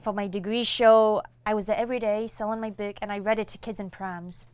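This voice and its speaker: Speaking a little fast, a young female comic artist has a clear, resonant, medium-pitched voice, with no room sound. She's an interview guest in a casual chat, animatedly telling stories and performing the quoted words of the people in them.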